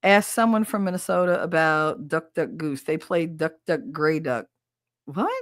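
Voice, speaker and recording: A middle-aged New woman hosts a loose, chatty show, laughing a lot and cursing without a second thought. Her voice sits on the low side, recorded dry and close with no room sound. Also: moderate pace, dry recording. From North Jersey. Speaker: podcast host. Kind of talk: casual chat reading live comments.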